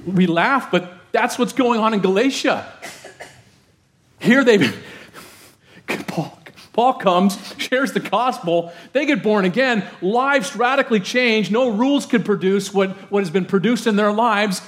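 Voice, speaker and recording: A male pastor preaching a conversational, animated sermon, often asking the congregation questions. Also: high-pitched, unhurried.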